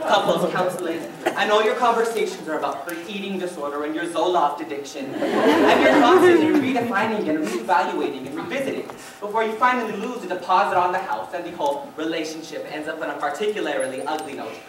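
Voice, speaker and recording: A rueful male theater lover confides and rambles to the audience, played by a student on stage. He sounds distant in an echoing auditorium. Steady hiss sits under the voice. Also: medium pitch, fast, a crowd in the background, close to an everyday voice. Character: wistful middle-aged male theater fan narrating. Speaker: student actor. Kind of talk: stage musical acting. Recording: echoey auditorium, distant mic, noisy.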